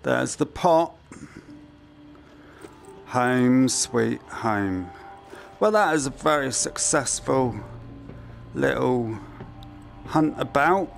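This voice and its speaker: A man's voice: medium pitch, expressive, very slow, creaky, long pauses, faint music behind. A man thinking aloud to himself as he plays through a video game, giving let's-play commentary into a headset mic. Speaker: gamer.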